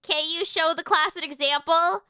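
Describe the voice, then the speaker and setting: An American woman streaming live, chatting casually with her viewers in an excitable, sweary way with quick comebacks. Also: very high voice, no echo. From United States.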